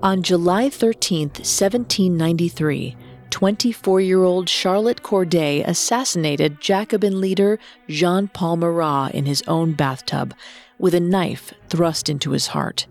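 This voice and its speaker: Low-voiced woman narrating true crime. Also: a little slow, a little mellow, faint music behind. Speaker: podcast co-host narrator.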